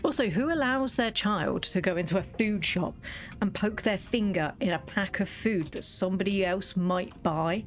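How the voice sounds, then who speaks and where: A woman chats casually as she plays, spinning lively stories at an ordinary middle pitch. Faint background music sits under her voice. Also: normal speed. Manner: chatty storytelling, lively quoted asides. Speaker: gaming video creator. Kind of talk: casual chat while playing.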